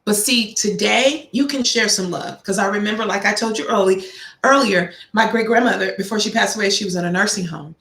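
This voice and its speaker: Woman vlog host, middle-aged, gravelly, sermon-like storyteller, roomy sound. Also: medium pitch, fairly quick, fairly bright tone. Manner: preachy, storytelling, repeats key phrases for emphasis. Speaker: vlog host giving life advice. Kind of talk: casual motivational talk to viewers. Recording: roomy echo.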